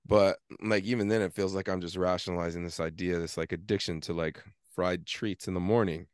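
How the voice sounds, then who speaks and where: A man with a low-pitched voice tells a rambling, animated story in casual podcast chat. He swears freely and acts out arguing with himself. The sound is dry and close. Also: fairly quick, clean tone, no echo. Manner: animated storytelling, swears often, acts out his inner argument. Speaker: podcast co-host.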